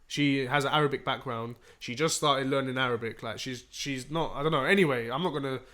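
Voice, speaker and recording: A man's voice: medium pitch, a little fast, bright, forceful tone. A young man, a podcast guest telling a story in casual slang, swearing freely and acting out dialogue.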